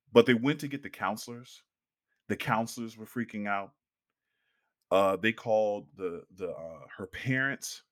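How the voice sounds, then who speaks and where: A young man telling a long story in casual podcast chat, animated and acting out the people he quotes. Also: on the low side, measured pace.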